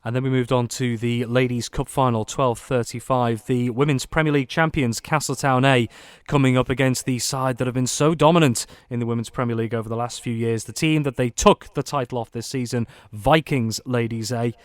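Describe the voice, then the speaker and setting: A man with a Manx accent presenting a radio sports round-up, leading into each result in a steady scripted way. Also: medium pitch, a little fast, no room sound. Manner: steady, scripted link delivery.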